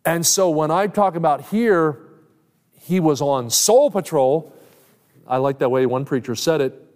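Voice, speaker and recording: A man's voice: on the high side, a little slow, a little mellow. A man preaching a sermon as an evangelist, earnestly quoting Scripture at length and pressing his points with rising emphasis. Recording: long hall reverb.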